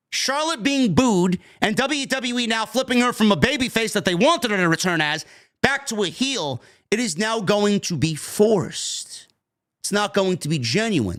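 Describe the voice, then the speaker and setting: A man's voice: sits high, fairly bright tone. A man with a New York accent reviewing a wrestling show in a heated, profane, repetitive rant. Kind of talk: ranting commentary.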